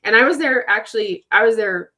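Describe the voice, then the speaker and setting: A woman's voice: on the high side, a little fast. A woman in her forties, a podcast guest, telling a story in casual talk and acting out the other people's voices as she goes. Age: 40s. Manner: animated, acts out quoted voices.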